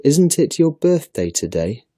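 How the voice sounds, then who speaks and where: A man doing a little storybook girl, higher than his own voice, slow and pleading, dry close sound. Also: sing-song, mellow, no echo. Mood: plaintive. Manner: pleading, childlike questions. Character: timid curious little girl.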